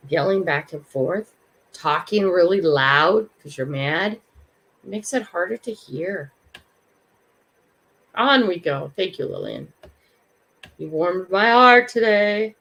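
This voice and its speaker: Gravelly older woman hosting a chatty livestream. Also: mid-range voice, a bit bright, dull audio. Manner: chatty, reflective, greets viewers by name. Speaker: livestream host. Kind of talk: casual live chat.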